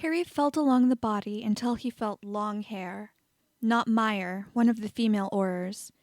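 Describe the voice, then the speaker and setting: A woman reading fan fiction aloud as an audiobook narrator, steady and even. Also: mid-range voice, normal speed, no echo, clean studio sound. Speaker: audiobook reader.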